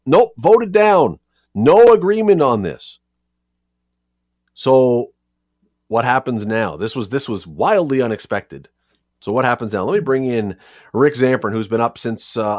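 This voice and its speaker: A man's voice: on the low side, no echo, clean studio sound. A man hosting a talk radio show, chatty, with joking asides. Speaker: radio podcast host.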